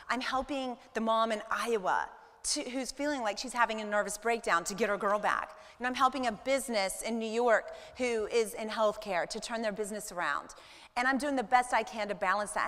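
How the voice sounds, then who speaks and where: Bright, animated woman in an echoey hall. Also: a little high. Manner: animated, acts out scenes with quoted lines. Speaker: speaker at a women's business event. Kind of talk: motivational talk to an audience.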